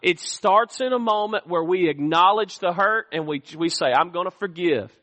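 Male pastor, high voice, call-and-response sermon, reverb of a church hall. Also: normal speed, fairly bright tone. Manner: call-and-response preaching, asks the congregation for amens. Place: church sanctuary.

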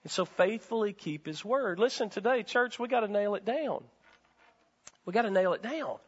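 A man preaching a sermon to his church, animated, swinging from loud bursts to quiet, low-voiced stretches. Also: normal speed, slightly rough, big-room sound, lo-fi sound. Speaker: pastor. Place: church sanctuary.

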